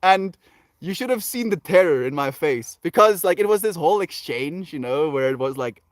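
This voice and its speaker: A man's voice: on the high side, lively intonation, normal speed, no echo. A man hosting a casual livestream, reading viewer comments and answering with earnest encouragement and frequent laughs. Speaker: livestream host.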